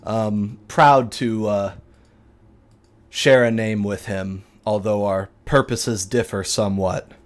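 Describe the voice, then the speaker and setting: A man voicing a courteous older male vampire saint, gracious and formal in a measured way. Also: lowish voice, steady tone.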